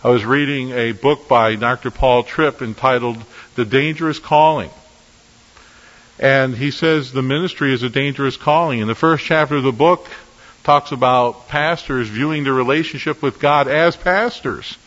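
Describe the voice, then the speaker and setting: A man preaching an earnest, emphatic sermon with measured pauses as a pastor. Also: medium pitch, a bit bright, big-room sound, muffled recording.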